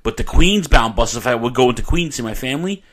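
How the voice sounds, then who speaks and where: A man's voice: mid-range voice, expressive, fast talker, a bit bright. A man hosting a casual podcast chat, a rambling storyteller who swears and restarts often. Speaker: podcast host.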